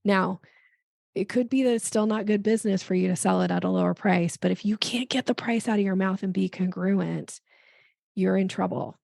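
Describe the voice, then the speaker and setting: A woman guest on a podcast explaining sales tactics in a chatty, animated way, acting out little bits of dialogue. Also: medium pitch, gravelly, dry recording, clean studio sound. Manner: animated, acts out dialogue in quick voices. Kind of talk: conversational interview.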